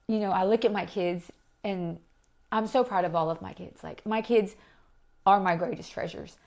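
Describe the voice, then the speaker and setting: Reflective halting middle-aged woman. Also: fairly low pitch, creaky, a little mellow. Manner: reflective, halting, restarts often. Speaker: podcast guest. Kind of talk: casual chat.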